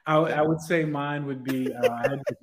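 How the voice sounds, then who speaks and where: Man with halting, chuckling jokes. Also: on the high side, steady tone, a crowd in the background. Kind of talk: comedic panel chat.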